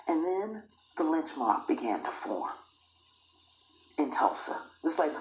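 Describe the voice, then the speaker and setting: Sex: woman. Style: emphatic history lecture. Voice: low. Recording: echoey room. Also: big pitch swings, unhurried, long pauses. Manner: emphatic, repeats phrases, acts out quotes.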